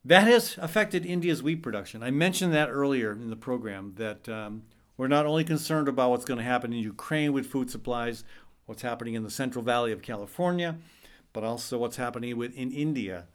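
Male talk radio host, middle-aged, halting but urgent delivery. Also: medium pitch. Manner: urgent, halting, many fillers and restarts. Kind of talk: earnest talk-radio commentary.

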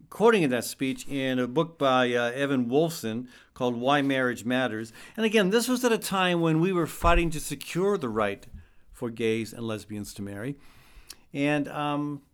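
A man's voice: medium pitch, a bit bright. A middle-aged man hosting a talk radio show, speaking conversationally and reading quotes aloud with wry asides.

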